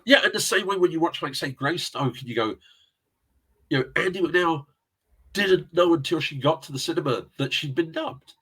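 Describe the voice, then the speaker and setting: A man's voice: on the high side, lively intonation, moderate pace, sharp tone, breathy edge. A middle-aged man, telling rambling anecdotes as a guest in a casual interview. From England. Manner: rambling anecdotal storyteller, chuckles often. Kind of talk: casual chat.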